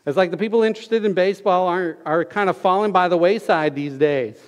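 Pastor guy preaching, folksy and excitable, high voice, big reverb from the church hall. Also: a little fast. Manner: folksy storytelling, gets loud and excited. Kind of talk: sermon. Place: church sanctuary.

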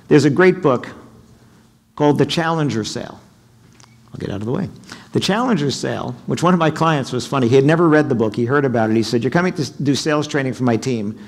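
A middle-aged man giving a sales seminar talk in a hotel conference room, animated and quizzing the audience. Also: mid-range voice, gravelly. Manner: animated, asks the audience questions, acts out quotes. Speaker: keynote speaker.

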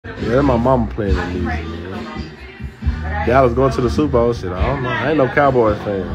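A man's voice: mid-range voice, normal speed, highs cut off. A man hosting a casual livestream, chatting with viewers in a rambling, laid-back way. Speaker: livestream host. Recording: loud music and chatter behind.

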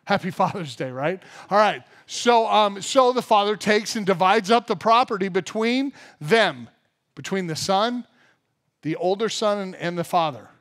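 A male pastor with a high voice preaches to his church. He tells funny everyday stories and acts out the people in them, then moves into the scripture. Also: normal speed. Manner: animated storyteller, acts out funny everyday scenes. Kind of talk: sermon. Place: church service.

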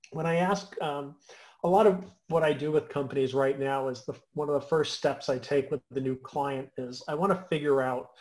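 A middle-aged man, a business consultant and former IT company owner, telling a workplace anecdote in a lively, conversational way with frequent restarts. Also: a little high, rough recording. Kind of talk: conversational storytelling.

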